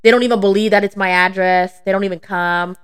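A young woman guest on a podcast, chatting casually and telling blunt, animated stories. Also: mid-range voice, fast, smooth. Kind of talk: casual chat.

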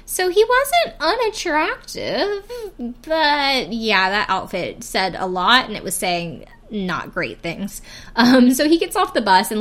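A young woman hosts a casual podcast, recapping a reality show in a medium-pitched, fairly bright voice. Her talk is chatty and giggly, packed with "like" and "um."

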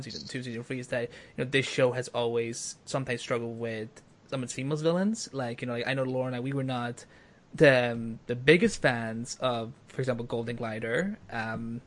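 A man's voice: medium pitch, fast talker. A man co-hosting a casual podcast chat, talking in a rambling way full of fillers and restarts. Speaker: podcast co-host.

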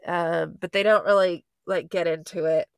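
A woman hosting a podcast, recapping a movie in a casual, rambling way full of fillers and quick self-corrections. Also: on the low side, steady tone, vocal fry, clear, resonant tone, dry recording, clean studio sound. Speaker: podcast host.

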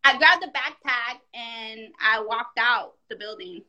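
Woman guest, high bright voice, tells a rowdy story in casual chat and acts out every quote. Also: slow, lo-fi sound. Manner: animated, profane storytelling with acted-out quotes.

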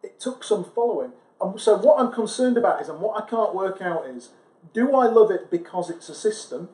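Man musing aloud, slightly high voice. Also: animated, a little fast, a little mellow. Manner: reflective, thinks aloud with restarts. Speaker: podcast co-host, sales recruiter. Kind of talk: casual chat. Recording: echoey room.

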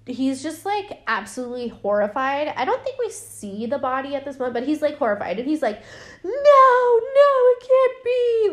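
A young woman hosting a podcast, casually recapping a horror film with lots of fillers and the odd swear. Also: fairly high pitch. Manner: chatty, lots of fillers, swears, acts out quotes. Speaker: podcast host.

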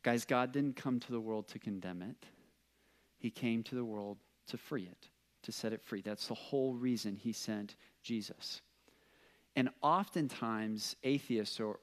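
Man, young adult, pastor, casual sermon, animated storytelling, many fillers. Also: mid-range voice.

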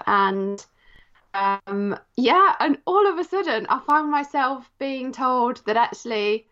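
A woman's voice: a little high, slow, fairly bright tone, dull audio. A Polish-born woman who speaks with an English accent, a guest on a podcast interview, talking reflectively with many small fillers. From Poland. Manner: reflective, with frequent "kind of" and "um".

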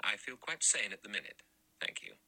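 A man reading an audiobook voices a cool, wry gentleman with short, terse remarks. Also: lowish voice, wildly swooping pitch, moderate pace, creaky, slightly rough, dry recording, heavily acted.

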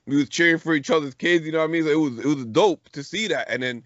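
On a dull lo-fi podcast recording, a middle-aged co-host tells a story in loose, slangy chat, often restarting his sentences. His voice is on the high side, quick and fairly bright, with no echo.

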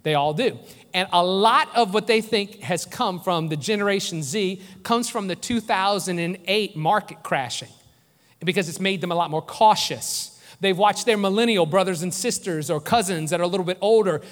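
A man's voice: high-pitched, a little fast, fairly bright tone, big-room sound. A man preaching a sermon as pastor, earnest and conversational, often restarting his phrases.

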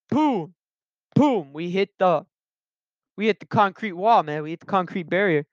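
A man's voice: sits high, clear, resonant tone, dry recording. A young man in his late teens telling a personal story casually, rambling with lots of restarts and fillers, on a dull lo-fi recording.

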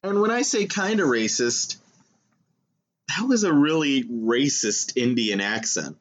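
A man's voice: medium pitch, expressive, unhurried. A man co-hosting a casual podcast, joking and swearing as he talks about a film. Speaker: podcast co-host.

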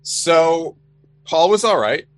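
A man's voice: a little high, expressive, takes it slowly. A man co-hosting a casual stream chat, easygoing, giving short replies and telling small stories. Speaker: co-host.

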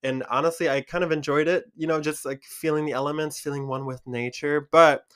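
A man from Michigan with a Michigan accent, chatting casually to camera as a vlogger, animated and full of fillers. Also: on the high side, a little fast, smooth.

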